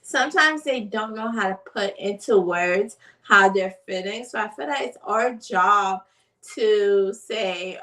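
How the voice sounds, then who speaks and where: Speaking earnestly and without hurry to the camera, a mother vlogger leans on fillers such as "like" and "you know." She has a medium-pitched, bright voice with a forceful tone, recorded roughly and from a distance.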